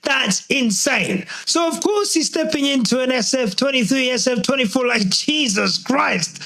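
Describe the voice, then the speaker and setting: A young man from the UK rants through a solo podcast episode in a loose, slangy style full of swearing. His voice sits high for a man and swings widely in pitch as he gets carried away, excitable and talking straight to the listener. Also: moderate pace, creaky, poor audio. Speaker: podcast host.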